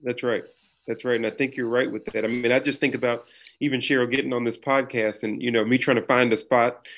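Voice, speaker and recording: A man's voice: medium pitch, level tone, fairly quick, fairly bright tone. A man speaking as a podcast guest with an earnest, sermon-like cadence, talking from a small room over a video call. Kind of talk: preaching in conversation.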